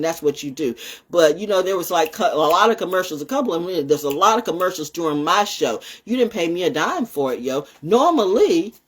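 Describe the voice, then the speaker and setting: Female host, husky and lively, cursing freely, loud one moment and muttering the next. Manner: blunt, profane, swings between loud outbursts and low muttering. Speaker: podcast host. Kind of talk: casual livestream rant.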